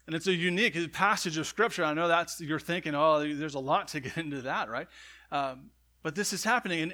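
Male preacher, slightly higher pitch, bright and forceful tone, chatty sermon delivery peppered with asides. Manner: conversational, frequent "right?" asides. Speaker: pastor.

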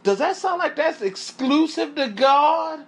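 A man preaching a sermon, emphatic and repetitive, often pausing to tell his listeners to watch closely. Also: extremely high pitch, lively intonation, creaky.

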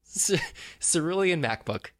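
A man co-hosting a podcast in casual chat, rambling and joking with lots of fillers and restarts, often jumping up in pitch when amused. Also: animated, unhurried, a bit bright, no echo, clean studio sound. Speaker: podcast co-host.

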